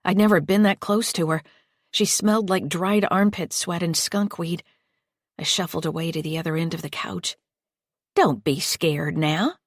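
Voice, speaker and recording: A woman narrating a first-person psychological thriller audiobook in a steady, tense storytelling manner. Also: fairly low pitch, normal speed, no room sound, clean studio sound.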